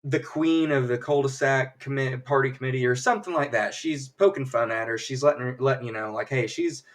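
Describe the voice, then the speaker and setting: A man's voice: mid-range voice, fairly even intonation, fairly quick, far from the mic. A man casually recapping a show on a livestream, rambling with lots of fillers and acted quotes. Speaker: livestream host. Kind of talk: casual episode recap chat. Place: home livestream setup.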